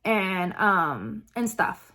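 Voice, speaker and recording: A woman vlogger telling a personal story in a casual, halting way, with many fillers and restarts. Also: medium pitch, big pitch swings, bright, forceful tone, a little hiss or hum.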